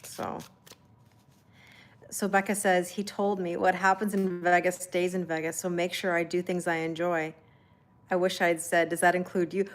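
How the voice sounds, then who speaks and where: Speaking at a moderate pace in a low-leaning voice with little pitch movement, a woman runs a relaxed tarot reading on a livestream. She laughs and chats with viewers, reassuringly reading their comments aloud.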